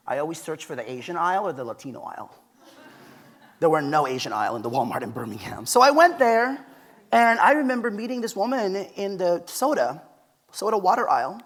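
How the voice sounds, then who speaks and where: A man giving a conference keynote from a stage, telling personal stories in a conversational, emphatic way. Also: on the high side. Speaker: keynote speaker.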